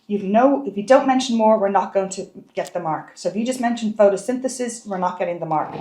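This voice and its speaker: A woman's voice: mid-range voice, brisk, warm tone, echoey room. A woman teaching a biology exam lesson, stressing key words and repeating points for the marks. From Ireland.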